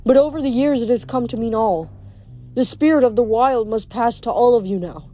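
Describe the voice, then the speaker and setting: A woman's voice: on the high side, close to an everyday voice. Woman doing a weary, fading old nature god. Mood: sorrowful. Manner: soft, slow, sorrowful delivery.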